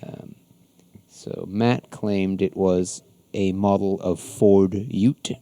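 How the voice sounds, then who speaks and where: A man's voice: sits low, fairly even intonation, very slow, mellow. A man hosting a podcast, recapping an episode in a casual, rambling way with many ums and frequent chuckles. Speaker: podcast host.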